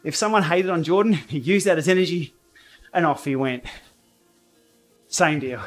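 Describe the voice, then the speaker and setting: A man hosting a casual cycling livestream from his home training room, blunt and outspoken, quick to laugh. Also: on the high side, soft background music. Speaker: cycling YouTuber and livestream host. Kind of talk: casual livestream chat while riding.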